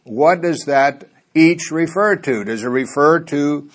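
A man's voice: fairly high pitch, takes it slowly. A middle-aged man from Missouri, a pastor teaching a Bible study, reading verses aloud with rising emphasis and asking the room questions. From Missouri, USA.

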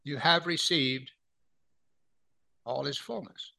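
With a fairly high, gravelly voice and a bright, forceful tone, this middle-aged man delivers a conversational, verse-by-verse Bible lesson. He asks his audience rhetorical questions and slows right down for scripture readings.

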